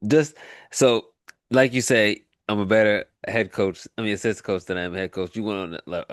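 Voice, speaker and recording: A man's voice: deep voice, dry recording, studio quality. A man hosting an interview in a laid-back, casual way, laughing easily as he asks his questions. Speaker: podcast host.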